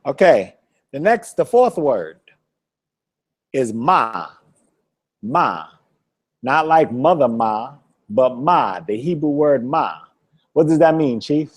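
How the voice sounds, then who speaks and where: Animated, unhurried male language teacher. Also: medium pitch. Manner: playful, quizzes the student and laughs often; repeats words slowly for drilling. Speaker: Hebrew teacher. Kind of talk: classroom lesson.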